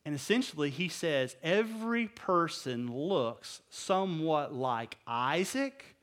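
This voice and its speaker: High-voiced emphatic male preacher. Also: lively intonation, slow pace. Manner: emphatic, swinging between loud stresses and hushed asides; asks the audience rhetorical questions. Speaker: pastor. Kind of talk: sermon.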